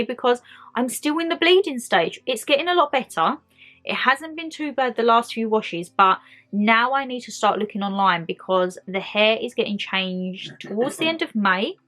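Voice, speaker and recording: A woman's voice: on the high side, fairly bright tone. A young woman chatting enthusiastically to camera about her monthly favourites at home. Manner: chatty and enthusiastic, talks straight to viewers. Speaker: beauty and lifestyle vlogger.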